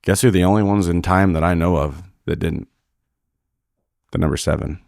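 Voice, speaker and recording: A man's voice: deep voice, normal speed, creaky, a little mellow, no room sound, studio quality. A man who is a rodeo roper and father, a podcast guest telling blunt, profane stories full of quoted dialogue in a casual interview.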